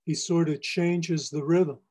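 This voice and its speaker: A poet giving a library lecture on poetry, explaining lines in a measured, teacherly way. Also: male voice, on the high side, fairly even intonation, darkish tone. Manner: measured, explanatory, reads lines aloud for emphasis. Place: public library presentation.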